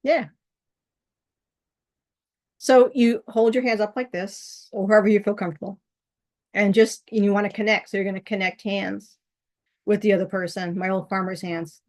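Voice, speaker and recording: A woman's voice: medium pitch, fairly even intonation, normal speed, long pauses, a little mellow. A middle-aged woman hosting her own vlog, chatting casually in a rambling way with frequent restarts and laughs. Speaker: channel host.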